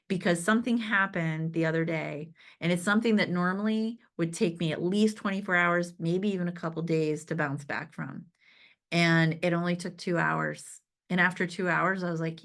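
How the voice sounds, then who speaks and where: A woman's voice: lowish voice, a bit bright. Upbeat woman giving a chatty pep talk. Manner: upbeat and conversational, often asks "right?" and "okay?"; laughs easily. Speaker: direct-sales team leader giving a motivational talk. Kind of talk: motivational talk.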